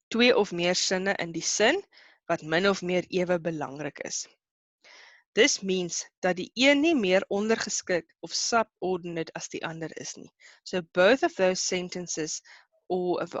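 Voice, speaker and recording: A woman teaching a live online class, slowing to explain each term in two languages and stopping to ask whether everyone is still with her. Her voice sits a little low for a woman and sounds close and dry on the microphone. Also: no room sound, lo-fi sound. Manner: explains terms in two languages, checks in with students. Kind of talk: online lesson.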